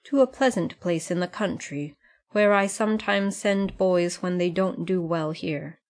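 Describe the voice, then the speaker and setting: A woman reading as a steady older schoolmaster. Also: on the low side. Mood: firm. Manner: steady and measured. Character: firm, kindly older male schoolmaster.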